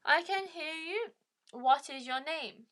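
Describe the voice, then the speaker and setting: A woman's voice: high-pitched, takes it slowly, a bit bright. A woman from England with a Birmingham accent, chatting casually on a live call and hesitating with many fillers. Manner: hesitant, full of "like" and restarts. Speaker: guest speaker.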